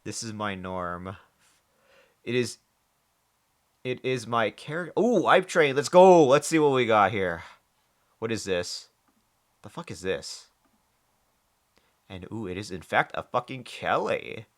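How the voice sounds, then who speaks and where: A man's voice: lowish voice, lively intonation, a little slow, pauses often. A man live-streaming, chatting casually with viewers, joking, swearing and often restarting his sentences. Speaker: livestreamer reading chat.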